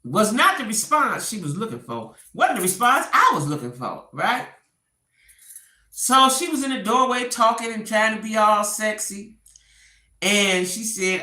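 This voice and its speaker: A woman's voice: mid-range voice, measured pace, roomy sound. A woman doing casual gossip commentary, acting out the quotes as she retells a story. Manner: animated storytelling, acts out quotes.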